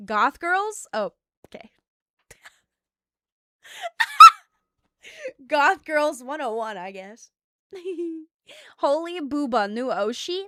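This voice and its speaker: Bubbly, bright-voiced woman streamer. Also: sits high, wildly swooping pitch, extremely slow, long pauses, a little hiss or hum. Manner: giggly, chatty, playfully bossy. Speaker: VTuber streamer. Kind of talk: casual stream chat.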